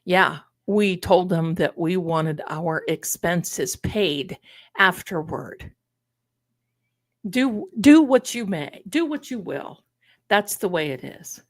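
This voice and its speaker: A woman's voice: fairly low pitch, takes it slowly, dry recording, clean studio sound. Chatty woman hosting a live stream. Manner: chatty, animated, addresses viewers as "my loves". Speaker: livestream host. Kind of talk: casual live-stream chat.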